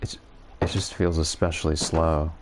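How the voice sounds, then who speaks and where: Male gaming streamer, very low voice, self-amused musing commentary. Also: little pitch movement, moderate pace, background noise. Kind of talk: casual gameplay commentary.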